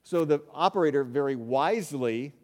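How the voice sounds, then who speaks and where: A man preaching a sermon as pastor, telling stories with animated swings between loud emphasis and quiet asides. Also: fairly high pitch, normal speed. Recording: long hall reverb.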